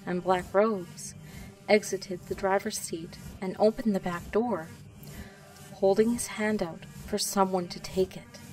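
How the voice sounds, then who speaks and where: Soft-voiced woman reading a story, distant. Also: mid-range voice. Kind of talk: reading a fan story aloud.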